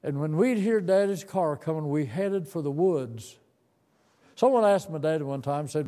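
A man's voice: a little high, lively intonation, moderate pace, mellow. A man in his seventies telling a tender, folksy story from his boyhood as part of a sermon. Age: 70s. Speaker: preacher.

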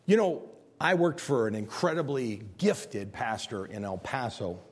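A man's voice: medium pitch, big pitch swings, measured pace, husky, in a large hall. A man pastor preaching a sermon, telling stories and emphatically repeating his key points.

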